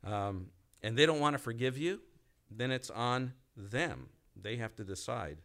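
Speaking at a measured pace with a mid-range, slightly bright and animated voice, this pastor preaches conversationally to the congregation. He often repeats and restarts lines, and dramatizes the pleas he quotes.

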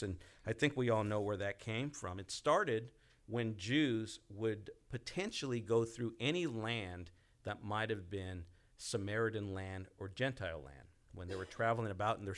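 A male pastor preaching a conversational sermon, speaking directly to the congregation and acting out the pleas he quotes. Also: lowish voice. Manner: conversational, repeats and restarts, acts out quoted pleas.

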